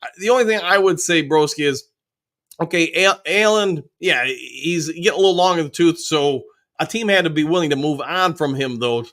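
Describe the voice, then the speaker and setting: Chatty livestream host, man, bright forceful voice, a bit high, upbeat greetings. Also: normal speed. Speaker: host of a fan livestream reading chat. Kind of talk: casual live chat.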